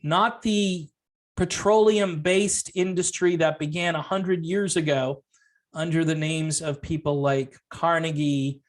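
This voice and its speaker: A man's voice: a little high, steady tone, unhurried. Sarcastic man ranting to camera. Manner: sarcastic, full of rhetorical questions. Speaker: music commentary vlogger. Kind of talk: opinion rant monologue.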